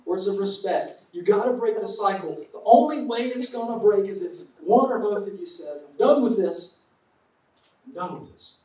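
A man's voice: high voice, a little mellow. A man preaching a conversational sermon to a congregation, with playful asides. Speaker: pastor. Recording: echoey hall from far off.

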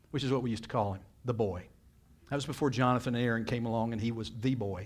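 A middle-aged male pastor preaching a sermon in a storytelling way, his voice jumping up when he quotes people. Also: fairly high pitch.

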